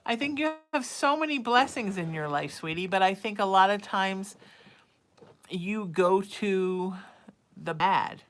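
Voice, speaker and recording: A woman's voice: mid-range voice, expressive, a little slow. A woman hosting a live psychic reading show, chatting affectionately with viewers and calling them sweetie and baby. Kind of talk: casual live-stream chat.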